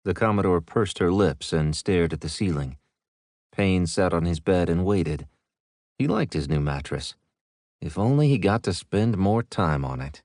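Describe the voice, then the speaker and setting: Male narrator, steady read, low register, dry booth. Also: measured pace, no room sound. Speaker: audiobook narrator. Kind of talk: scripted narration.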